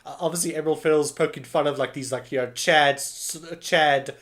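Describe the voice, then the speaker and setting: A man's voice: a little high, steady tone, brisk, fairly bright tone. A man co-hosting a podcast, casually retelling film scenes with lots of fillers and little acted-out bits. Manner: rambling, many fillers, acts out scenes. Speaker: podcast co-host.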